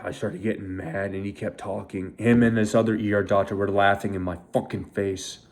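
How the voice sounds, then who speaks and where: A man's voice: lowish voice, little pitch movement, a little fast, hardly any pauses. A young man, a veteran, telling his own story on camera in an angry, bitter, heavily profane way. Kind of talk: emotional first-person storytelling.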